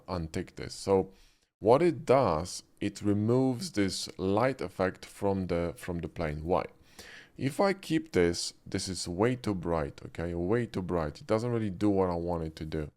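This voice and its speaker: A man's voice: low-pitched, a little mellow. A man teaching a 3D lighting tutorial over a screen recording, talking conversationally and checking in with "right?" and "okay?". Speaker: 3D art instructor.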